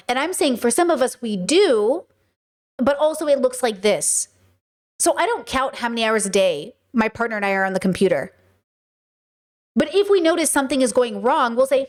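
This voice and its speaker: Casting: woman, high voice, blunt casual commentary host, swears, acts out dialogue. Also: expressive, moderate pace.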